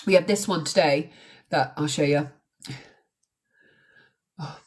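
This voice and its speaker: A woman's voice: low voice, slow. Chatty woman live-streaming true crime. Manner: chatty, swears, mocks accents. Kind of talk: casual live-stream chat.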